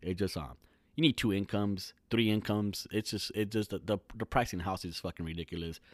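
A man's voice: lowish voice, brisk, no room sound. Rambling, profane man in his thirties. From California. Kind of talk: casual monologue.

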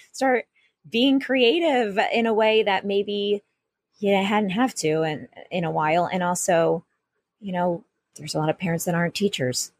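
A woman's voice: fairly low pitch, dry recording, studio quality. A woman co-hosting a casual podcast, telling a rambling story with many restarts and asides. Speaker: podcast co-host.

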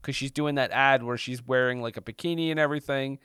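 A man's voice: medium pitch, fast, fairly bright tone, clean tone, no room sound, clean studio sound. A man co-hosting a podcast, talking casually and eagerly about a film. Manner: chatty, lots of fillers and restarts. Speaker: podcast co-host.

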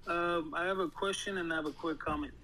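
A man calls in over a remote connection with a slightly high, soft-spoken voice. A faint hiss sits behind his measured words. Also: steady tone, low-quality recording. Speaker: caller joining the show remotely. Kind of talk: calling in with a question. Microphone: remote call.

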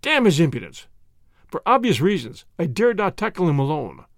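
A man's voice: a little high, sing-song, normal speed, no echo, clean studio sound. A man voicing a deferential male secretary who stammers and reports eagerly to his superior. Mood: nervous.

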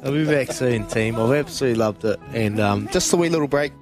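A man's voice: mid-range voice, a little fast, over music. A young man with a New Zealand accent co-hosting a breakfast radio show in chatty, upbeat banter. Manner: upbeat, chatty, laughs easily.

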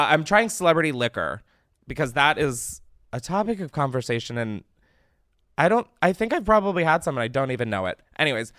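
A man's voice: medium pitch, fairly bright tone, dry recording, studio quality. A young man hosting a casual podcast, rambling and self-deprecating, swearing often. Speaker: podcast host.

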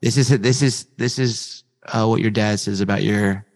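Effusive male interview host, low voice. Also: fairly even intonation, normal speed, in a large hall. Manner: affirming, effusive, frequent "wow" and "you know". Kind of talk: conversational interview.

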